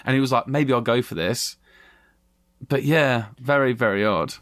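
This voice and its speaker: Here a man co-hosting a movie review show talks in a lively, conversational way, occasionally cursing. He speaks at a moderate pace in an everyday pitch, recorded dry and near the microphone with no audible room.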